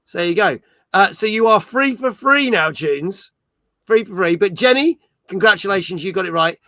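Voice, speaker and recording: A man's voice: high-pitched, lively intonation, normal speed, bright, forceful tone, no echo. A man hosting a casual gaming livestream, chatting upbeat and reading out viewers' comments. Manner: chatty, upbeat, reads viewer chat aloud. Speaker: stream host.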